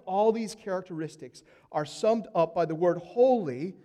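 A man preaching a sermon with emphatic delivery, dropping to hushed tones and building to loud peaks. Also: sits high, normal speed, hardly any pauses, in a large hall.

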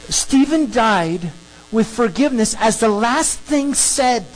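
Expressive preacher, mid-pitched, lively emphatic sermon delivery. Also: takes it slowly, soft background music, poor audio. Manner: animated, emphatic, acts out crowd scenes.

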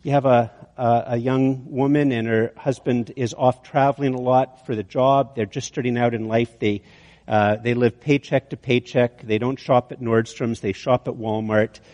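A man's voice: mid-range voice, steady tone, moderate pace, a little mellow, lo-fi sound. A man preaching a sermon, telling an illustration story with many restarts. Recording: long hall reverb.

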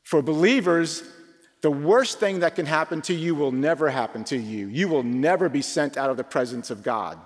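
Casual preacher in a reverberant hall. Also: male voice, fairly high pitch, expressive. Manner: informal, asks rhetorical questions, shifts between quick and slow emphatic phrasing. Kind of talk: conversational sermon. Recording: long reverb from a large hall.

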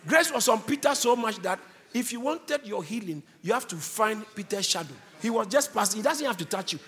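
A man's voice: sits high, animated, a little fast, fairly bright tone. A man preaching a sermon, emphatic, stretching out key words for weight.

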